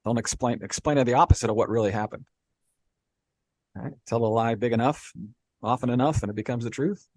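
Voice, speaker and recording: A man talks through history on a podcast in an easy conversational manner, often tossing in "you know" and "right?" to keep his listener along. His voice sits at an ordinary pitch and is recorded dry and close, with no room sound. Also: a little fast, long pauses, darkish tone, no echo. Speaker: podcast co-host. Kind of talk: casual explanatory chat.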